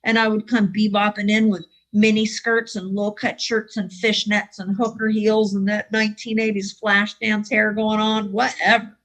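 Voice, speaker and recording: A woman's voice: mid-range voice, flat delivery, normal speed, a bit bright, low-quality recording. Wry middle-aged woman telling her recovery story. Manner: wry, self-deprecating humor. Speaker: AA speaker. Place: home, online meeting. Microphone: video call.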